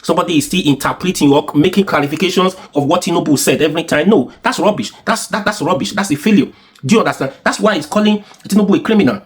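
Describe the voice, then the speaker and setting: Heated husky Nigerian man, higher voice. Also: fast talker. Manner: heated, repetitive and insistent, with rhetorical questions. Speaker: commentator. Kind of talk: opinionated political commentary.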